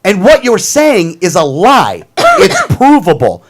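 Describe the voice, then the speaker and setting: A man's voice: high voice, wildly swooping pitch, takes it slowly. A man hosting a casual political talk show, ranting in a heated, combative way and often repeating himself.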